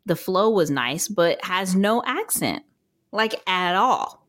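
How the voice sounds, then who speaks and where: Casting note: woman podcast co-host, somewhat low voice, relaxed chat, laughs a lot. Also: slow. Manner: laughs often, animated storytelling. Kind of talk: casual chat.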